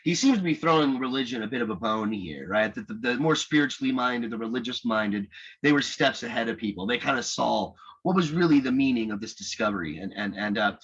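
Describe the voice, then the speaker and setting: A man's voice: mid-range voice, animated, brisk, fairly bright tone, breathy edge, highs cut off. A man teaching a literature lecture in a conversational, rambling way, often restarting his sentences.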